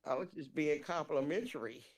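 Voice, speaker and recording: A woman co-hosting a casual chat, telling animated, profane stories and laughing through them. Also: sits low, fairly quick.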